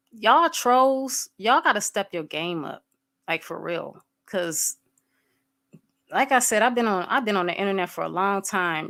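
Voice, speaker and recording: A woman's voice: mid-range voice, fairly bright tone. Frank woman livestreaming to her chat. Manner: frank, candid, greets chat viewers mid-talk. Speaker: livestream host.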